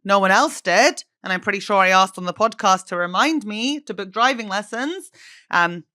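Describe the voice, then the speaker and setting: A woman's voice: medium pitch, normal speed, bright, forceful tone. A woman hosting a podcast, chatting in a bubbly, playful way. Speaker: podcast host. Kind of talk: casual podcast chat.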